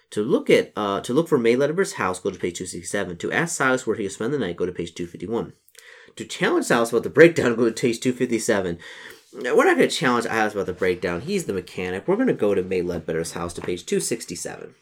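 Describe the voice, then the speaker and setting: A man's voice: lowish voice, sing-song, fairly quick. A man reading aloud from a solo horror gamebook, breaking off for casual, joking asides. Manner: casual asides, chuckles at own slips. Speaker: solo gamebook player and narrator.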